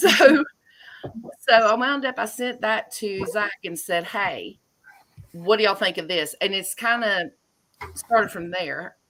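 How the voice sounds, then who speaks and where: A woman's voice: fairly low pitch, slight background noise. Chatty woman telling her story. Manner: chatty, animated retelling with laughs. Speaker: guest homeowner. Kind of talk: casual storytelling.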